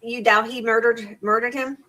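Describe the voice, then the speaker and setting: A middle-aged woman hosts a crafting live stream, chatting casually and rambling, often repeating and restarting words as she reads crafting measurements aloud. Her voice sits on the high side, with a steady, fairly bright tone at a normal speed. The audio quality is poor.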